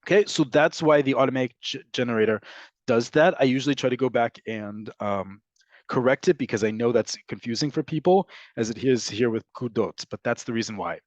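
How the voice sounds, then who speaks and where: A man's voice: mid-range voice, a little fast, dry recording. A man teaching an online class, patiently explaining and answering questions with frequent fillers and "right?" checks. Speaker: Hebrew teacher. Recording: dull lo-fi dry audio.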